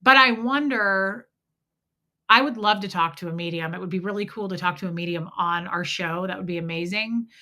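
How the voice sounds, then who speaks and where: A woman hosts a casual livestream, reading comments aloud and rambling through personal stories full of "like." Her voice is bright and forceful, mid-pitched for a woman. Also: moderate pace. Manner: chatty storytelling, frequent "like" fillers. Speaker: livestream host.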